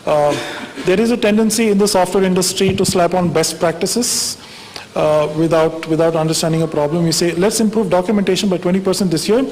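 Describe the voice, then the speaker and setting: Man, higher voice, wry conference speaker, long hall reverb, faint hiss. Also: darkish tone. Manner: conversational, wry, frequent "right?" asides. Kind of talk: conference talk.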